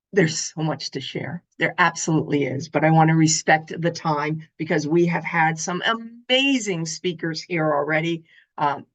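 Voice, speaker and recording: A woman speaker giving a motivational summit talk, telling stories in an expressive, animated way. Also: fairly low pitch. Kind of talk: summit talk to an online audience.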